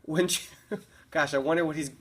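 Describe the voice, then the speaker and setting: A woman's voice: low voice, fairly even intonation, moderate pace, slightly rough. A woman teacher reading a picture book aloud to her class in a classroom, with chatty asides and easy laughs.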